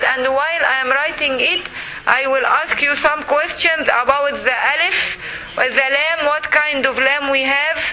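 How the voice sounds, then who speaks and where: Woman teacher, high and bright, patient syllable-by-syllable drilling, slight background noise. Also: rough recording. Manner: patient, repeats words slowly syllable by syllable. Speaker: Quran reading teacher. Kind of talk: classroom recitation lesson.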